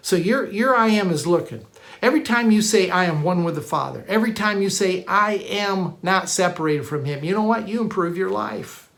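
A preacher in the middle of a sermon, pressing each point home with emphatic repetition. The voice sits at a middling pitch and stumbles over restarts. It speeds through some phrases and draws others out slowly. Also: creaky, a bit bright. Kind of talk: sermon teaching.

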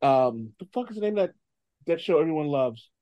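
On a casual podcast, a high-voiced male host chats animatedly, laughing easily and swearing often. His voice sounds close and dry, with no echo or room around it, and the high frequencies are cut off.

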